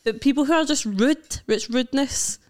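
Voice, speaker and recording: A young woman with a Scottish accent, co-hosting a podcast and telling animated stories with frequent laughter. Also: sits high, moderate pace. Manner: animated storyteller, laughs often. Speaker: podcast co-host. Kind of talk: casual chat.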